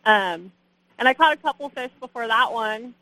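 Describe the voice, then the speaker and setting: A woman's voice: a little high, lively intonation, normal speed, bright, forceful tone, no echo, low-quality recording. A young woman, a guest angler, telling her catch story in a casual, laughing way, full of "like" and "you know". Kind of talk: casual storytelling on a radio show.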